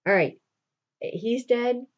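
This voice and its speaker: A woman's voice: fairly high pitch, slow pace, muffled recording, voice pushed up. A woman voicing an anguished heroic male poet-soldier while retelling a play in class, speaking casually. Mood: resigned. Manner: casual retelling of a play's dialogue.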